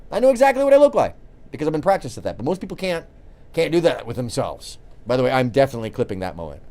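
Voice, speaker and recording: A man's voice: medium pitch, very animated, very fast, a little mellow. Rambling, jokey male show host. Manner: rambling, jokey, restarts often. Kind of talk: casual call-in show commentary.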